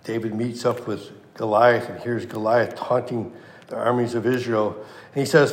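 A man preaching a sermon, quoting scripture with passion and dropping to a hush at key lines. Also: mid-range voice, fairly even intonation, moderate pace. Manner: impassioned, swings from loud to hushed. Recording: echoey room.

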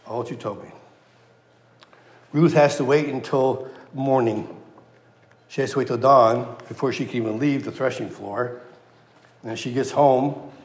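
A man delivers an expository sermon in a big reverberant hall, his voice carrying a long echo. He reads the passage and then slips into the characters, paraphrasing them in lively everyday speech. His pitch sits in an ordinary middle range. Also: unhurried, pauses often. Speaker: preacher.

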